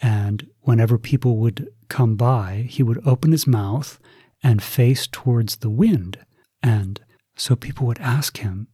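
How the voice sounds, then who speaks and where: A male Buddhist preacher tells a story slowly and deliberately. His voice is dark and husky, and the recording is dry and close, with no room sound. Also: medium pitch, no room sound. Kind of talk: sermon storytelling.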